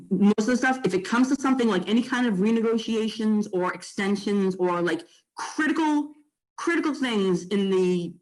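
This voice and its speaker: Brief: mid-pitched, animated agent, blunt and casual, lots of fillers. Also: rough recording. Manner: blunt and animated, with frequent fillers and mild swearing. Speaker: real estate agent. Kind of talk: casual training talk to fellow agents.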